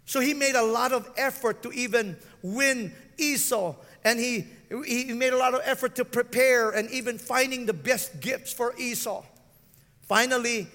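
A male pastor preaching, often stopping to ask his listeners if they are still with him. His voice sits very high and has a gravelly rasp, and it echoes through a reverberant hall. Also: a bit bright. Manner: preaching with frequent call-outs to the listeners. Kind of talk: sermon.

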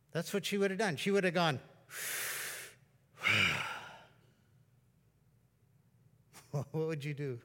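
A man preaching a sermon in a conversational, storytelling way, at times breaking into excited exclamations. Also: a little high. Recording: long reverb of a large hall.

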